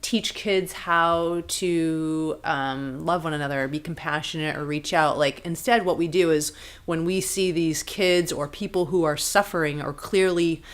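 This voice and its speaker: A woman's voice: sits low, steady tone, measured pace. A woman co-hosting a podcast, talking in an earnest, reflective way with everyday fillers. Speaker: podcast co-host. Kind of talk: casual chat.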